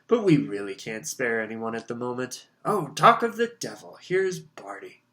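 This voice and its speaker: A man's voice: medium pitch, big pitch swings, normal speed, fairly bright tone. A man voicing a jolly, carefree middle-aged official in an audiobook, talking breezily and waving worries aside. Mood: airy. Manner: hearty, carefree, brushing off worries.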